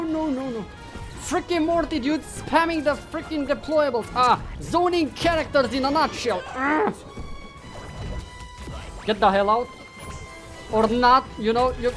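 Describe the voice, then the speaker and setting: A man commentating his own gameplay who swears often, taunts his opponents and bursts into yelling. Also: extremely high pitch. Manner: bursts into loud yelling when winning or losing. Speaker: gaming YouTuber.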